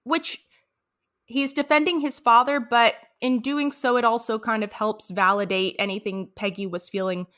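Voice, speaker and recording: A woman's voice: a little high, steady tone, moderate pace, fairly bright tone. A woman co-hosting a podcast, talking through an episode in thoughtful casual chat and reading quotes aloud. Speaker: podcast co-host.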